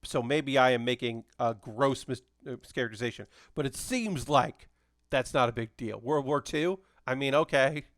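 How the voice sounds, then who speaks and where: A man's voice: medium pitch, normal speed, fairly bright tone, dry recording, clean studio sound. A man chatting casually on a live stream while assembling a model kit, rambling with lots of fillers and restarts.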